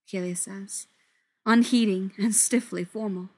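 Soft-spoken woman reading a story. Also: mid-range voice, steady tone, normal speed. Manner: soft, often dropping to a whisper. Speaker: story reader.

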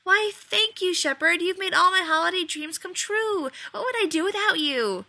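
A woman's voice: high voice, sing-song, normal speed, sharp tone, dry recording, voice pushed up, full character voice. A woman reading the part of a sarcastic, self-important, fretful man elf in a storybook tale. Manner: exasperated, sarcastic.

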